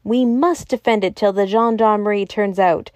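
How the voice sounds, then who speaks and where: A woman's voice: mid-range voice, moderate pace, a little mellow, no echo, natural voice. A woman reading an audiobook aloud, voicing a resolute young male detective who gives firm orders.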